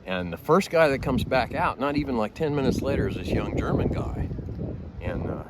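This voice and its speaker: A man's voice: mid-range voice, very animated, moderate pace, noisy background. A man who drives hikers, telling a story in a casual, folksy way.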